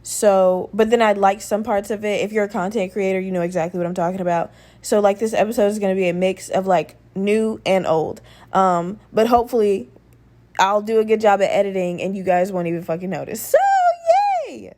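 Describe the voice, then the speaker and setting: Woman podcast host, casual and profane, rambles with fillers, voice slightly rough from a recent chest infection, mid pitch. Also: steady tone, fairly quick, darkish tone. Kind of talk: casual solo podcast chat.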